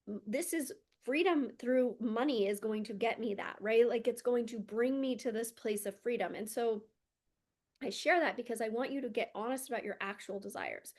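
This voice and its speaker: A woman's voice: fairly high pitch, darkish tone. A woman talking as a spiritual mentor in a heartfelt motivational monologue, earnest and emotional, often saying "like", recorded at home. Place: home room with candles and rugs.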